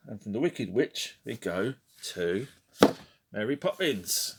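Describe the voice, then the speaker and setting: Slow, wry man rambling. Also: on the low side, animated, husky. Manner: wry, rambling, muttered asides, snatches of sung tunes. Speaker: collector showing his record collection. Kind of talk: casual chat.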